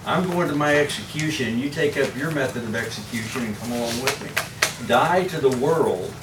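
A man's voice: mid-range voice, a little fast, distant mic. A man in a Bible class speaking up earnestly, in a preachy manner. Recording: echoey room recorded from afar with background noise.

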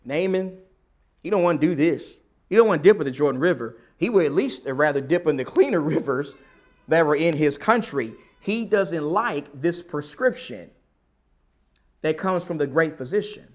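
A man preaching a sermon in an animated way, acting out the characters' lines as he tells the story. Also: on the high side, moderate pace.

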